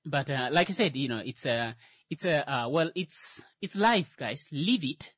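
A man's voice: on the high side, expressive, unhurried, fairly bright tone, husky, no echo, clean studio sound. A man hosting a music show, chatting casually between songs in a rambling, jokey way and often correcting himself. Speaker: radio show host playing songs.

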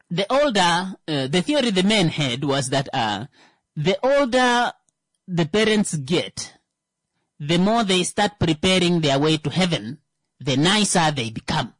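A man giving a comedic monologue, halting with frequent "uh" fillers and sudden rises in pitch for emphasis. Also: a bit bright, no echo.

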